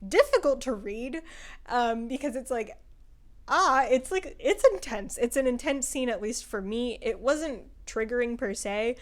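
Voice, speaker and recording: A woman's voice: fairly high pitch, a little slow. A woman giving a casual, rambling spoken book review, full of filler words and swearing, laughing often as she talks. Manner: chatty and rambling, with frequent "like" and profanity; laughs often while talking.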